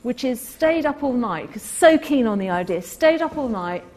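A woman tells a workplace story with lively energy. Her voice sits a little high, and she slips into the voices of the people she quotes. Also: normal speed. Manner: animated, acts out quoted people. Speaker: co-host. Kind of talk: storytelling talk.

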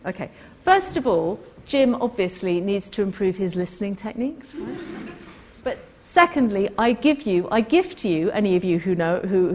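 A woman telling a workplace story in a talk, animated and acting out the people she quotes. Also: medium pitch, a little hiss or hum. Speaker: co-host.

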